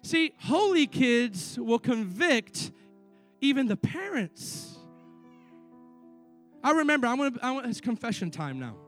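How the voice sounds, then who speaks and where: A man's voice: very high-pitched, sing-song, a little slow, pauses often, a bit bright, faint music behind. A middle-aged man preaching a sermon as pastor, telling stories and building to fervent pleas. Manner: preaching with rising fervor and repeated pleas.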